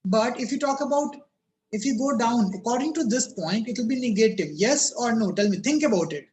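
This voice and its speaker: A man's voice: extremely high pitch, lively intonation, brisk, a little mellow. Man teaching physics on a call. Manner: keeps asking students "yes or no?" and "think about it". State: voice cracking and lagging on the call. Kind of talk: online class teaching. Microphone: video call.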